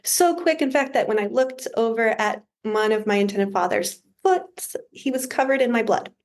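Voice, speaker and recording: A woman who is a podcast guest, telling a story in a casual, humorous and animated way. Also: fairly high pitch, normal speed.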